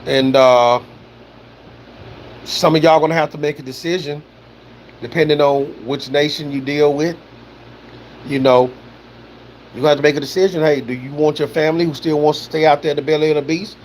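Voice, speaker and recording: A man with a somewhat high-pitched voice talks casually on a livestream, drifting between points and filling gaps with "you know" and "man". He swears freely and answers viewer comments as he goes. A faint air-conditioning hum sits underneath. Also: fairly even intonation, moderate pace, pauses often. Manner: loose, rambling delivery, peppered with "you know" and "man", swearing.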